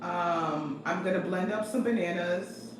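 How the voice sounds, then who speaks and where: A young woman chatting away casually to her viewers, lively and talkative. She sits a little away from the mic in a roomy, echoing space. Steady background noise runs under her voice. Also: fairly low pitch, measured pace. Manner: chatty, animated, reading comments aloud. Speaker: vlogger. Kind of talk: casual vlog chat. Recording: echoey room from a distance with noise.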